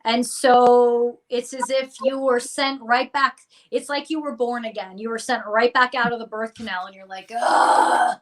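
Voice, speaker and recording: A woman giving an earnest, expressive psychic reading on a live stream. She acts out the listener's inner thoughts and laughs between phrases. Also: fairly high pitch, normal speed, hardly any pauses, poor audio. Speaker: psychic reader.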